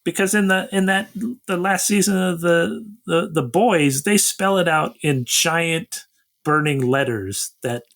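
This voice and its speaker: A man's voice: a little high, unhurried, gravelly. A man co-hosting a casual podcast, retelling a film scene by scene and acting out the characters' lines. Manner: animated storyteller, acts out quotes. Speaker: podcast co-host. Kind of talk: casual chat recapping a film.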